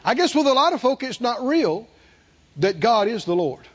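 A male pastor preaching a sermon in an animated way, drawing answers from the congregation. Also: very high-pitched, moderate pace, husky, muffled recording. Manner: animated preaching with call-and-response.

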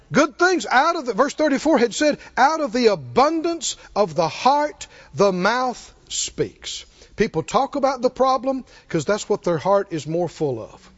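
High-voiced emphatic male preacher. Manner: emphatic, with rhetorical questions to the congregation. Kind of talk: sermon. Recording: dull lo-fi sermon recording.

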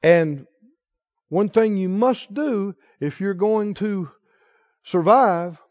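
A middle-aged male pastor preaching a sermon, moving between quiet emotional storytelling and forceful exhortation. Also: sits high, slow, dry recording, highs cut off.

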